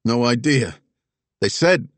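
A man voicing a wounded, crude male drug boss in pain, shouting and pleading frantically. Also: mid-range voice, lively intonation, slow pace, no echo, pitched above the performer's own voice. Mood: defensive.

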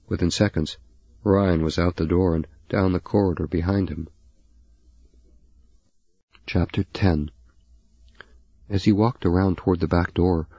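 Deep, husky male narrator, steady read, dry. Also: dry recording, muffled recording. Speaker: audiobook narrator. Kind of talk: scripted narration.

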